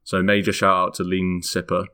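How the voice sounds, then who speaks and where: A man's voice: sits low, completely flat delivery, a little fast, pushed and bright, clear, resonant tone. A British man hosting a casual podcast chat, rambling and correcting himself as he goes. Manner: rambling, self-correcting, laughs often. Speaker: podcast host.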